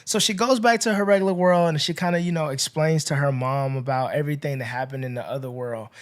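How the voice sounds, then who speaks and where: Podcast guy chatting thru a movie plot, lots of you know and like, gets loud then quiet. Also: a little high, fast. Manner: chatty, filler-heavy storytelling with swings in loudness. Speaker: podcast host. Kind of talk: casual movie recap.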